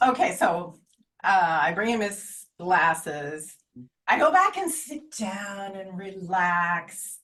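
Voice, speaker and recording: Older woman, club speaker, animated and unhurried storytelling, slightly distant pickup. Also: medium pitch. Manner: switches between narration and playful acted quotes. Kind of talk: humorous speech with acted dialogue.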